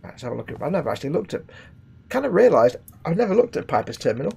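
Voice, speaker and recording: A man's voice: a little high, big pitch swings, rapid-fire, vocal fry, darkish tone, breathy edge. A British man streaming a game, chatting casually and reading in-game letters aloud with wry, swearing asides. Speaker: gaming streamer. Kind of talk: casual let's-play commentary, reading in-game texts.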